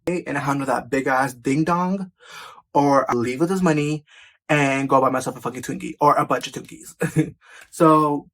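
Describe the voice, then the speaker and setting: A man vlogger telling a personal story in casual storytime style, animated and profane, filling his talk with "like". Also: on the high side. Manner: animated, profane, filler-heavy with constant "like".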